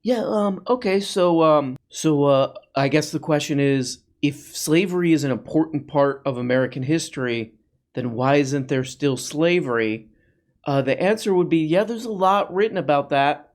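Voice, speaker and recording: A man's voice: on the high side, normal speed, darkish tone. A man doing sarcastic reaction commentary, mocking what he watches with mock-awed asides. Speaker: commentary host.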